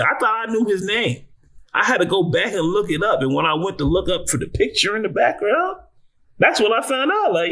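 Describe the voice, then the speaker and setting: A man hosting an entertainment commentary vlog, talking casually in slang, swearing freely and breaking into sudden high-pitched exclamations and laughter. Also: big pitch swings, normal speed, fairly bright tone. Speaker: entertainment news host.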